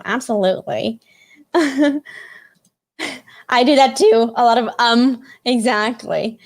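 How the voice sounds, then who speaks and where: A woman with a somewhat high voice speaks slowly, pausing often, as she hosts a live career webinar over video. Her casual, instructive talk is chatty and full of fillers like "like" and "you know," with frequent "right?" checks tagged on.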